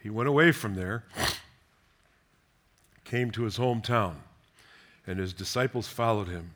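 This is a man with a fairly low, unhurried voice giving a sermon. He alternates between reading scripture and explaining it, sometimes gentle and whispering, sometimes asking lively, pointed questions.

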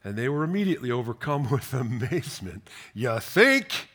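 Man preaching with tender, hushed emphasis. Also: medium pitch, animated, fast. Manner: tender, with hushed whispered passages and rising emphatic questions. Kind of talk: sermon reading and commenting on scripture.

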